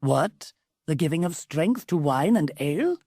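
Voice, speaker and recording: A woman's voice: deep voice, animated, measured pace, mellow, slightly rough, no echo, clean studio sound, exaggerated voice. A woman voicing a stern, formal old male genie scolding his son in a storybook. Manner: formal, archaic, solemn.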